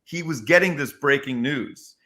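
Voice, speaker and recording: A man, a comedian, telling stories in an interview with emphatic, expressive delivery that acts out quotes. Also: medium pitch, normal speed. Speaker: comedian guest. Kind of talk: animated interview storytelling.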